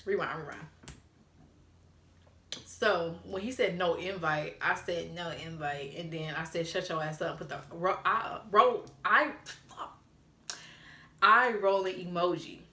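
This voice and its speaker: A woman in her twenties telling a story to camera, animated and profane, laughing as she acts out old text messages. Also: on the low side, slow pace, pauses often, echoey room. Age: 20s. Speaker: storytime vlogger.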